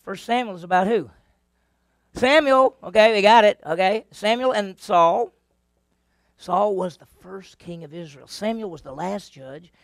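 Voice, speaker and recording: A man with a drawl teaches a Bible class, retelling the old stories with lively energy and tossing questions to his listeners. His voice sits a touch high and carries a gravelly edge. The recording is dry and close. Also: a little slow, no echo. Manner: animated storyteller, asks the class questions, acts out voices.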